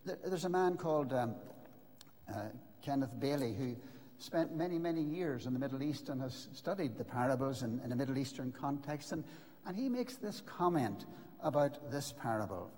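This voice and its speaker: Emphatic older preacher in a reverberant hall. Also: male voice, medium pitch, expressive, warm tone. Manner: earnest, emphatic, with dramatic pauses. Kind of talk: sermon. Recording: long reverb of a large hall.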